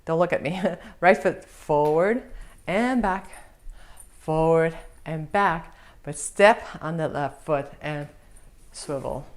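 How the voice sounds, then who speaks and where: Slow, low-voiced belly dance teacher, a woman. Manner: cheerful, laughs often, hums the music as "da da da". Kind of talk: online dance lesson with counting.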